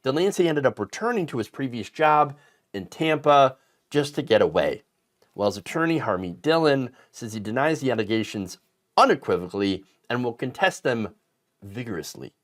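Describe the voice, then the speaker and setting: Indignant and emphatic, a man delivers political commentary at a moderate pace, his pitch making big swings on stressed words. He keeps tripping over fillers and restarting.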